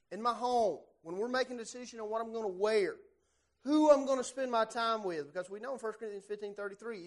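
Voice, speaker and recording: In a high, lively voice, a man runs a church Bible class. He's animated and keeps putting direct questions to the class.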